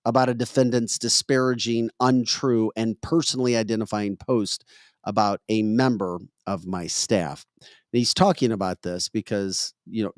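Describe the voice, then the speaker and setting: A male podcast host delivering emphatic, opinionated political commentary. He has a fairly low voice, recorded dry and close with no room sound. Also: dry recording.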